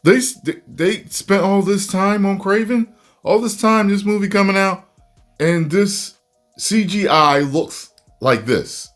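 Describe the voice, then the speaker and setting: A man reviewing a movie in a casual video rant, animated and breaking into loud exasperated outbursts. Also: high-pitched, slow pace, faint music behind.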